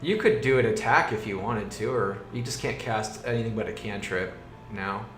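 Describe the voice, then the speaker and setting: A man running a tabletop game over a voice call as game master, narrating in an animated, goofy way with frequent exclamations. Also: on the low side, moderate pace, echoey room, a little hiss or hum.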